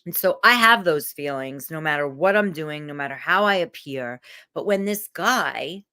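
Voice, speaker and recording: A woman's voice: low voice, moderate pace. A woman coach giving a candid, emotional motivational talk to camera, swearing freely. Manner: animated.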